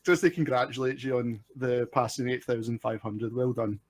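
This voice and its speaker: A man calling in to a live stream, speaking earnestly and haltingly, repeating himself. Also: mid-range voice, fairly even intonation. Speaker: caller.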